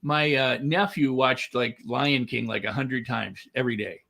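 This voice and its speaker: A man's voice: a little slow, creaky. A middle-aged man, a guest author and speaker, talking animatedly in a casual podcast and acting out quoted voices. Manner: animated, acts out quoted voices with big pitch swings.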